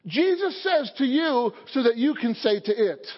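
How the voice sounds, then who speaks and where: Male pastor, very high pitch, call-and-response sermon, dull lo-fi sound with lingering church echo. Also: big pitch swings, normal speed, slightly rough. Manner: call-and-response preaching, rising to fervent emphasis. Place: church sanctuary. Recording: dull sound, long hall reverb.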